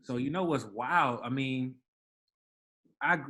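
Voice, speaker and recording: A man's voice: medium pitch, a little slow. A young man from the Washington DC area, a podcast co-host telling a story in casual chat, acting out the voices of the people in it. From Washington DC area, Maryland. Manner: animated storyteller, acts out quoted voices.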